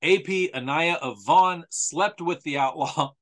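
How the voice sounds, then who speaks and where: A man's voice: a little high, a little slow, fairly bright tone. A man presenting a history talk in a casual, sarcastic, conversational way, often repeating himself for emphasis. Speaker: author presenting a history series.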